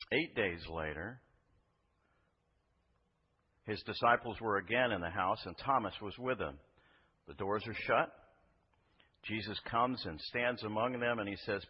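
A man's voice: on the low side, a little hiss or hum. A man preaching a sermon in a conversational way, asking his listeners rhetorical questions. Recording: dull reverberant hall recording.

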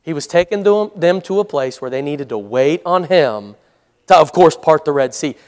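Pastor, male, high voice; chatty sermon with amen calls and laughs. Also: lively intonation, normal speed, a little mellow.

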